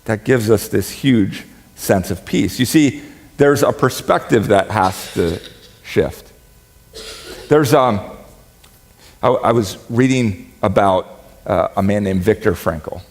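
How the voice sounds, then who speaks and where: Joking pastor in a reverberant hall. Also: male voice, lowish voice, slow pace. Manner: conversational, joking, animated when quoting. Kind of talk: sermon. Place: church sanctuary.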